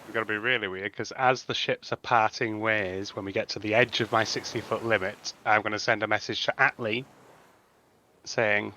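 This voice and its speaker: A man with a bright, forward voice plays in a tabletop game session. He playfully describes his character's gestures and glances. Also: on the low side, steady tone, normal speed, a little hiss or hum. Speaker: player. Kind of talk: casual tabletop role-play.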